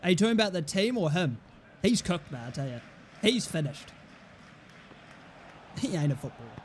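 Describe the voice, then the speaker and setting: A man's voice: sits high, big pitch swings, moderate pace, darkish tone, a little hiss or hum. A young man giving casual, blunt, mocking commentary while playing a football game, swearing freely. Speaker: gaming streamer.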